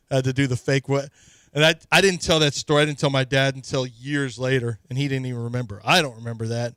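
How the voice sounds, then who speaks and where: A man's voice: mid-range voice, steady tone, quick pace, fairly bright tone, no room sound, clean studio sound. A man co-hosting a sports radio show, telling a story in casual banter and laughing as he goes. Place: radio studio.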